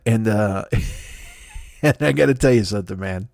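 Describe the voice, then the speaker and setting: A man in his fifties, the host of a comedy podcast, riffing through a profane, rambling monologue with big comic swings in pitch. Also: unhurried, vocal fry, long pauses, darkish tone, no room sound, clean studio sound. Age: 50s. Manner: profane, riffing, jumps between wild pitch swings for bits.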